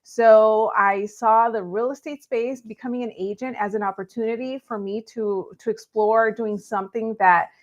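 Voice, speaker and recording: A woman's voice: a little high, steady tone, moderate pace, hardly any pauses, lo-fi sound. Upbeat woman from Los Angeles. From Los Angeles, California. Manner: friendly, upbeat storytelling. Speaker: guest, real estate agent and content creator. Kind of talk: conversational interview.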